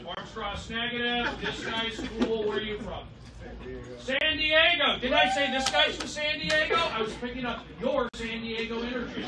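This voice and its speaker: Erratic stand-up comic in a roaring club. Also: male voice, very high voice. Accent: Californian. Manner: erratic, riffing with the crowd, swinging loud and soft. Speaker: stand-up comedian. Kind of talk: live stand-up set. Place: comedy club stage. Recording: roomy, distant live club recording. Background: loud crowd laughter and noise.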